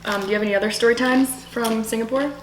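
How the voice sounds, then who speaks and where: A woman's voice: a little high, fairly even intonation, fast talker, slight background noise. A young adult woman co-hosting a casual eating show, eagerly asking follow-up questions. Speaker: co-host. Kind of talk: casual chat. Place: indoors. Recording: echoey room.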